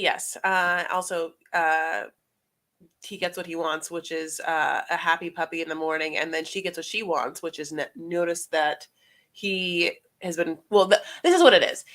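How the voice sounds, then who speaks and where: A woman's voice: fairly low pitch, bright, forceful tone. Rambling woman recapping a TV show. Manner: rambling, playful baby talk, many fillers. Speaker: podcast co-host. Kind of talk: casual reality TV recap chat.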